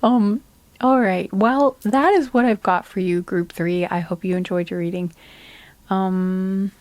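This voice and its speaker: Sleepy soft-spoken woman reading tarot. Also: lowish voice, steady tone, dry recording. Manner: soft-spoken, unhurried, trailing off with fillers. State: tired and sleepy. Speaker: tarot card reader. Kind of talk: relaxed pick-a-card reading, chatty and rambling.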